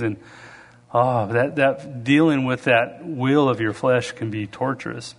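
A middle-aged man preaching a sermon, telling stories and shouting out the lines of the people in them. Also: mid-range voice, normal speed. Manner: storytelling, acts out quoted voices loudly. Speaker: pastor.

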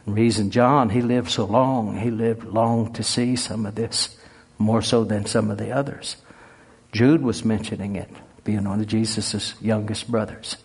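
A man's voice: fairly low pitch, fairly even intonation, measured pace, husky. A man preaching a sermon, telling humorous stories in a folksy way. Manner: folksy, humorous, laughs at his own stories. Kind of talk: sermon with storytelling.

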